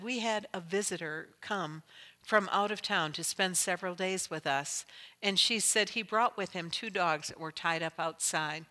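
A middle-aged woman delivering a sermon, telling stories and rising to loud, impassioned exhortation. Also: lowish voice. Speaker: Christian speaker. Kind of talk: sermon with storytelling. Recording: long hall reverb.

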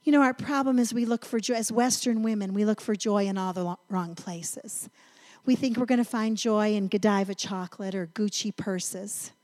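A middle-aged woman from North Carolina giving a sermon, telling a family story in an animated, emphatic way. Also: medium pitch, moderate pace. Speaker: women's ministry speaker.

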